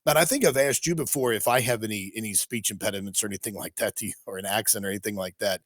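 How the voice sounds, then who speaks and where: A man's voice: fairly low pitch, a bit bright, no echo, studio quality. A man from Kentucky hosting a casual podcast chat, asking questions eagerly and stumbling over restarts. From Eastern Kentucky. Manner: quick, stumbling restarts, enthusiastic. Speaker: podcast host.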